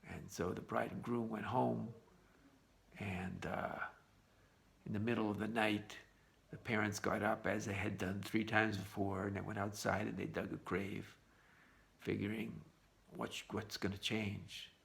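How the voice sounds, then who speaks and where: A man teaching a Bible lesson by retelling a midrash in an unhurried, conversational storytelling manner. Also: on the low side, little pitch movement, gravelly, fairly bright tone.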